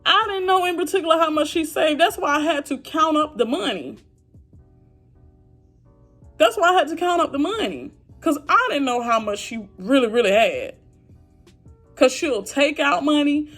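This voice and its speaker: Frustrated high-voiced woman venting. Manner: frustrated, heartfelt, talks straight to viewers. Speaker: vlogger. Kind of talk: emotional venting to camera.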